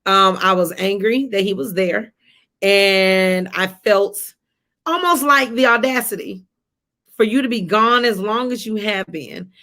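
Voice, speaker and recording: A woman, telling a personal story on a live stream in a conversational, animated way and talking to viewers as y'all. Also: medium pitch. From Atlanta area, US. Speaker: livestream host. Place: home, during a rainstorm.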